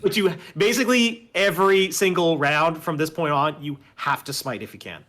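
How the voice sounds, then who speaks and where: A man's voice: a little high, normal speed, sharp tone. A man running a tabletop game as game master, playful and encouraging, laughing often as he narrates.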